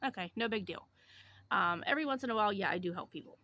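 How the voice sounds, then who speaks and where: Woman, casual YouTube storytelling, chatty and animated, bright tone. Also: mid-range voice, fast talker, no echo. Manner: chatty, animated retelling with lots of fillers.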